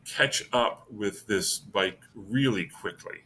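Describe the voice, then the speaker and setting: A man's voice: on the low side, slow, bright, forceful tone, a little hiss or hum. A man running a tabletop game as game master, narrating in a rambling way and often correcting himself.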